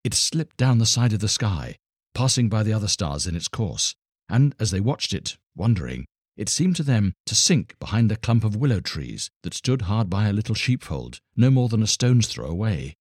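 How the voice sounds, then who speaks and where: A man reads a classic fairy tale for children in a low, husky voice. His delivery rises and falls with lively expression. The recording is close and dry, with no room sound. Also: dry recording. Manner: expressive, measured storytelling. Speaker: storyteller. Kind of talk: children's story narration.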